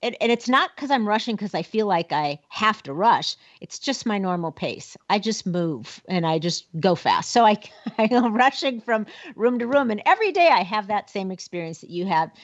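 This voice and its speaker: A woman hosting a podcast interview, upbeat and quick to laugh. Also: mid-range voice, big pitch swings, dull audio. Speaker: podcast host. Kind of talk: casual interview chat.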